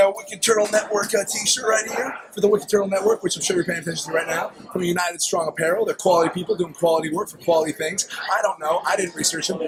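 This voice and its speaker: Man, ex-wrestler, cocky deadpan shout-out, quick delivery, loud background noise. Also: high-pitched. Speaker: former pro wrestler. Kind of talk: tongue-in-cheek shout-out.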